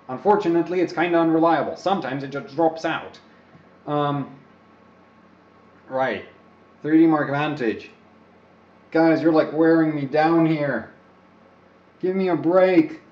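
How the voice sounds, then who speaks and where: A man's voice: on the high side, darkish tone. A young man from the Czech Republic hosting an overclocking livestream, rambling and joking about himself in casual commentary. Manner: rambling, joking, self-deprecating. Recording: roomy, slightly dull stream audio.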